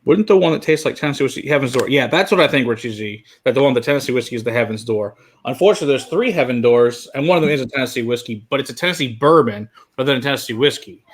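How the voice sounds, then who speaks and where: A man's voice: medium pitch, lively intonation, very fast, few pauses. A man hosting a casual whiskey tasting stream, rambling and reading viewer chat aloud. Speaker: host.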